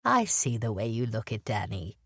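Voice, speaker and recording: A woman reading an audiobook, voicing a frail, sharp-eyed old woman, sick in bed, who teases in a wry, blunt way. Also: a bass voice, sing-song, normal speed, dry recording, studio quality, pitched below the performer's own voice, heavily acted. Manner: wry and teasing. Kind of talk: audiobook character voice.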